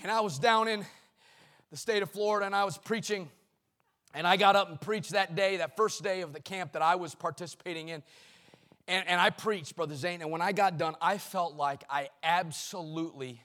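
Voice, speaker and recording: A middle-aged male preacher delivering a sermon, shouting rhythmic repeated lines and dropping to quiet storytelling. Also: high voice, normal speed. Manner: swings between shouted exclamations and quiet storytelling; repetitive, rhythmic preaching cadence.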